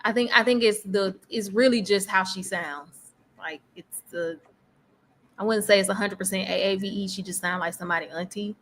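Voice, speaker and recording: A woman's voice: mid-range voice, moderate pace, a little hiss or hum. A woman co-hosting a podcast, talking candidly and animatedly in casual chat. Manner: animated, candid, laughs often. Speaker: podcast co-host.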